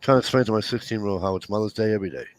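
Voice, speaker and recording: A man's voice: lowish voice, racing, noisy background. A middle-aged man telling funny family stories in casual chat, acting out the voices of the people he quotes and cursing freely. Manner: animated storyteller, acts out quotes, profane jokes.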